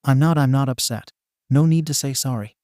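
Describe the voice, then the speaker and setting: A man voicing a teenage boy hero in training who talks quietly, choked and broken through tears. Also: medium pitch, a little fast, dry recording, studio quality, natural voice. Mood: tearful.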